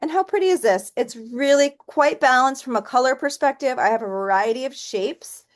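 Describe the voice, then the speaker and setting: A woman's voice: high voice, normal speed. Chatty woman teaching a painting class. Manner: chatty, thinks aloud, counts softly while stamping. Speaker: painting instructor. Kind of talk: relaxed step-by-step art tutorial.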